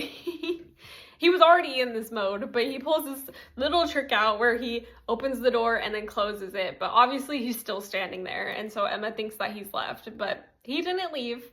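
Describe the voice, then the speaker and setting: Young woman, slightly high voice, chatty recap host with filler-heavy, giggly delivery. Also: sharp tone. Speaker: TV recap commentator. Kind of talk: casual TV recap commentary.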